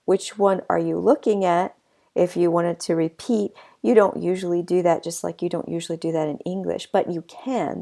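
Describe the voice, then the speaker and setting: A woman teacher explaining French grammar in a relaxed recorded lesson, with fillers, asides and a slight cough. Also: on the low side, gravelly. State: a bit of a cough.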